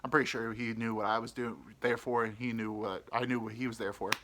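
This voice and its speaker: A man's voice: medium pitch, little pitch movement, fast talker, background noise. A man hosting a podcast, telling a crude personal story in a rambling, frank way full of fillers. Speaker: podcast host. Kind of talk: casual storytelling.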